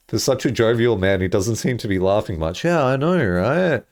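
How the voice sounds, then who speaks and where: A man's voice: normal speed, few pauses. A man streaming a video game, joking and reacting casually as he plays. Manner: joking, animated, with sudden swings in pitch. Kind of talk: casual let's-play commentary.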